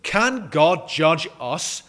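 A man's voice: mid-range voice, big pitch swings, takes it slowly, bright, forceful tone, heavily acted. A man reading as a bitter, defiant young woman.

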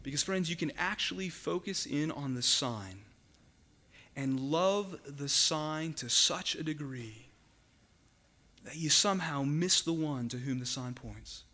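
A man preaching a sermon to his congregation, earnest and emphatic, slowing down and dropping his voice on the words he wants to stress. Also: a little high, animated. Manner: earnest, emphatic, slows and drops to a hush for key words. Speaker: pastor.

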